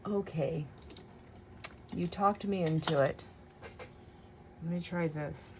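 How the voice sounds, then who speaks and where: A woman's voice: on the low side, slow, darkish tone, a little hiss or hum. A middle-aged woman hosting a crafting video, chatting casually to her viewers, laughing often and talking to herself as she works. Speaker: craft channel host.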